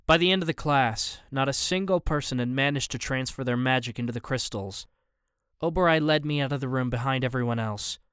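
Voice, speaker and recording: A man reads a first-person audiobook in a measured, even way. His mid-range voice is smooth and resonant. The studio recording is close and dry. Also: mid-range voice, no echo. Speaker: audiobook narrator.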